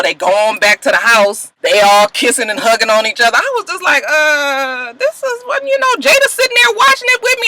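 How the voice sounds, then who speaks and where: A woman's voice: fairly high pitch, rough recording. A woman casually recapping TV episodes, acting out the characters with put-on voices, laughing and swearing as she tells it. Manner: animated storyteller, acts out characters, laughs often, swears. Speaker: vlogger recapping TV shows.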